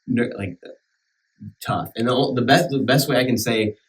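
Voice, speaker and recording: A man's voice: medium pitch, moderate pace, recorded from a distance, rough recording. A man with a country accent, a church minister chatting casually on a podcast, talking earnestly with many restarts and fillers. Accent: rural American country. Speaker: minister back from sabbatical.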